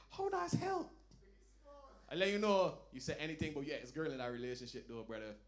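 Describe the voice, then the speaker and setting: A man performing a stand-up comedy set, telling loud, animated stories and dropping into low asides. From Barbados. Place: lounge comedy night.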